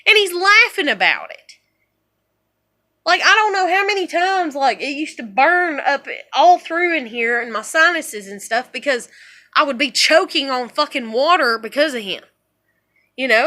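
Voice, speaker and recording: A woman in her thirties telling rambling, profane stories in a casual monologue, dropping to low mutters and rising to loud outbursts. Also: sing-song, normal speed. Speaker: vlogger.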